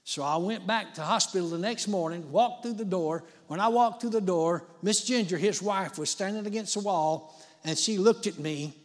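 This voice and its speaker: A preacher with a high, ringing voice tells his story in a folksy, chatty way. He swells into dramatic rises and keeps dropping in "you know". His voice carries a long echo, as if it fills a big hall. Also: normal speed. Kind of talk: storytelling sermon.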